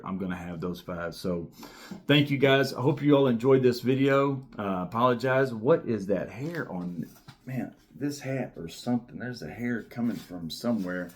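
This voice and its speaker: A man in his thirties hosting his own knife channel, talking casually to camera in a rambling, enthusiastic way with lots of fillers and repeated words. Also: low-pitched. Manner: repeats key words for emphasis. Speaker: knife reviewer and channel host.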